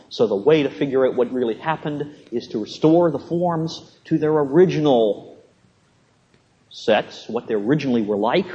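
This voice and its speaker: A man giving a classroom lecture in a measured, halting way, with frequent pauses and a dry sense of humor. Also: mid-range voice, dark tone, dull audio, slight background noise.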